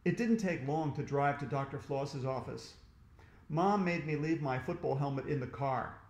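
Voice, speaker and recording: A man reading a children's storybook aloud, expressive and animated. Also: mid-range voice, moderate pace, echoey room.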